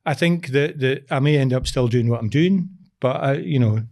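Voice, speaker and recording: A man's voice: mid-range voice, moderate pace, a little mellow. A middle-aged Glaswegian man speaking as a guest in a casual interview, hesitating and restarting his sentences. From Scotland. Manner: hesitant restarts with many uh fillers. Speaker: guest, construction commercial director.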